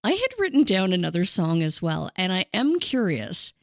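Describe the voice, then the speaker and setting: A woman's voice: fairly low pitch, big pitch swings, moderate pace, dry recording, studio quality. A woman co-hosting a podcast, chatting playfully about music. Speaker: podcast co-host. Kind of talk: casual music chat.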